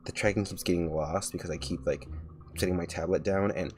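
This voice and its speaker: A man's voice: low voice, steady tone, brisk, a little mellow. A young man streaming as a vtuber, chatting casually while he draws, rambling with lots of filler words and restarts.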